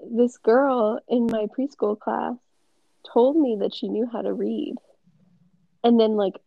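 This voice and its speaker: A young woman talks in a relaxed, rambling way, her fairly high voice full of gravelly fry. The recording sounds dry and a little dull, like a lo-fi podcast mic. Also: takes it slowly, no room sound. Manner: rambling, lots of "like" fillers. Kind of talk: casual chat.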